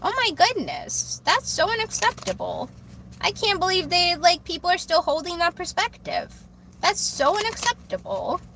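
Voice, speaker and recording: A bright, high-pitched woman streamer talks straight to her chat. She sounds heated and emphatic, swears freely and hammers the same points again and again. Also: very animated, normal speed, a little hiss or hum. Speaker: livestream host. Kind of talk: livestream talk reacting to chat.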